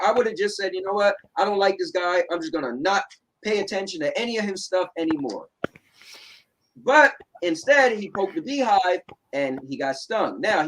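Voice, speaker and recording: A man from New Jersey with a New Jersey accent hosts a casual chat show from home, his voice sitting high and a bit bright. He's blunt and sarcastic, repeatedly asking "right?", and the audio is poor with a little hiss or hum.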